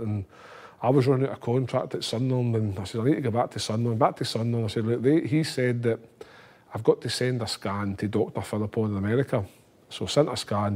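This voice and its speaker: A Scottish man rattles through a story at a quick clip in a slightly husky voice. He talks casually as a guest, switching into other people's voices when he quotes them. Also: mid-range voice. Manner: animated, acts out quoted voices. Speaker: former footballer, podcast guest.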